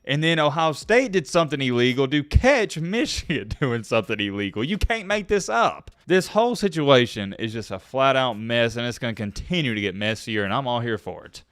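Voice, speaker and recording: A young man hosting a casual sports commentary vlog, animated and emphatic, punching key words out slowly. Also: medium pitch, dry recording, studio quality.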